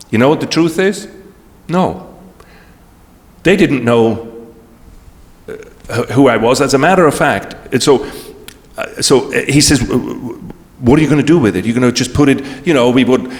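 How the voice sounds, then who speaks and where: A man giving a talk as guest speaker, telling a personal story with emotion and frequent restarts. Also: mid-range voice. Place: large event hall. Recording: long hall reverb.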